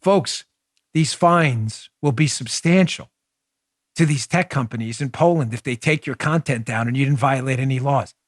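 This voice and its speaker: A man hosting a political talk show, delivering an emphatic monologue that jumps from loud exclamations to low asides. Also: normal speed, no echo, clean studio sound. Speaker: podcast host.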